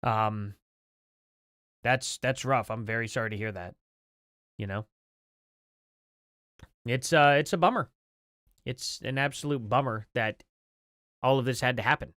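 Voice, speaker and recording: A man's voice: medium pitch, measured pace, long pauses, a bit bright, no room sound, studio quality. A man hosting a livestream, talking through his opinions in a rambling, conversational way with lots of fillers. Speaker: livestream host. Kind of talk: casual commentary.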